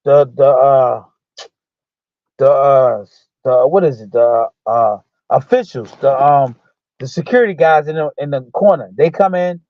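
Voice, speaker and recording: A man's voice: medium pitch, measured pace, no room sound. A man, a former boxer as a guest, casually telling a story and acting out the lines of the people in it, with loose speech full of restarts. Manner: animated retelling that acts out quoted dialogue. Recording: dull lo-fi dry sound.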